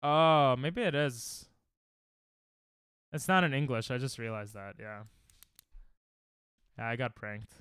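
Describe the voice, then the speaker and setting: A young man streaming a game, chatting casually and reacting excitably to chat on a headset mic. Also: mid-range voice, takes it slowly, pauses often, clean tone, no room sound, clean studio sound. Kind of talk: casual live-stream chatter while gaming.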